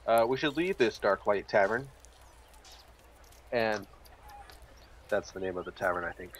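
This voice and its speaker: A man's voice: lowish voice, animated, a little slow, slight background noise. A man playing a tabletop game, joking dryly in and out of character. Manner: dry, joking banter. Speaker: player.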